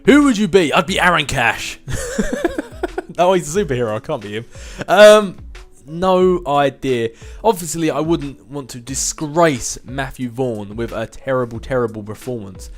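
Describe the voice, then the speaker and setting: A gaming video host in his twenties answers viewer questions in a casual chat, rambling, poking fun at himself and chuckling often. He speaks in a mid-range voice at a measured pace over soft background music.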